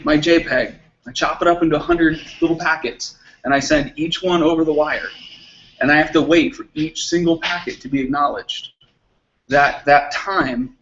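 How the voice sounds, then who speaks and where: A man with a slightly higher voice gives a relaxed technical talk at a meetup. He leans on everyday analogies and acts out both sides of short exchanges. The recording sounds a bit muffled. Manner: explains with everyday analogies and acted-out dialogue. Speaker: meetup speaker.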